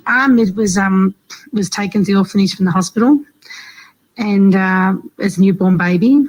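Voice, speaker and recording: Woman telling her story with many pauses. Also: medium pitch, a little mellow, soft background music, low-quality recording. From Australia. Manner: reflective, hesitant with many fillers. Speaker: aid worker. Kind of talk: personal storytelling.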